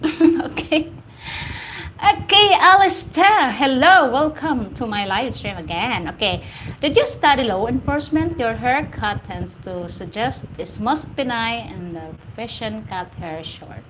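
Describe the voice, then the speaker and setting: A woman's voice: a little high, expressive, unhurried, fairly bright tone, a little hiss or hum, rough recording. A woman with a Filipino accent hosting a casual live stream, reading out viewer comments, teasing and laughing often as she repeats her phrases. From Philippines. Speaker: livestream host.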